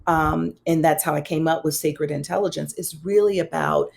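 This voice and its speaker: A woman guest, a psychologist and pastor, telling a personal story in an interview, animated and conversational with touches of self-deprecating humor. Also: normal speed, vocal fry, a little hiss or hum. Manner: animated, acts out quoted dialogue with big pitch swings.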